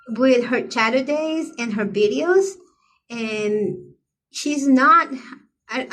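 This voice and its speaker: A woman's voice: fairly high pitch, slight background noise. A middle-aged woman chatting casually to her viewers, gushing with effusive praise for other creators. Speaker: coloring channel creator. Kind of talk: casual chat to camera.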